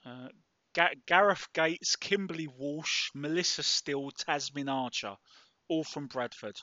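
Bright-voiced joking British man. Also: a little high, a little slow, no room sound, dull audio. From United Kingdom. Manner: joking, teasing, pedantic asides. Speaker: podcast co-host. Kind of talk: casual banter.

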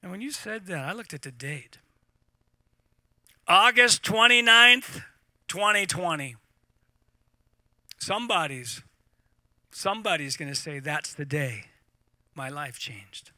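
A middle-aged man preaching to a live congregation, animated and repeating words as he talks. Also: on the high side, unhurried, pauses often, no room sound. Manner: animated, repeats words, laughs at own points. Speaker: pastor.

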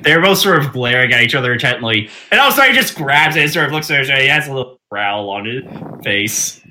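A man narrates a tabletop game as its game master. His voice is strikingly bright and sharp. He talks in a loose, meandering way, full of "sort of" and "like". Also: fairly high pitch. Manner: relaxed, hesitant narration with fillers.

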